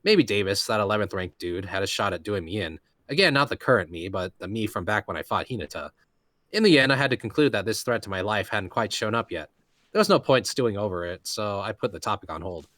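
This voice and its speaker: A man with a low voice reads light novel narration in a relaxed, casual way, dropping jokey asides. The recording is dry and close, with no room sound. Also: fast talker, no echo. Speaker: reader of the main narrator. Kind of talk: first-person novel narration mixed with banter.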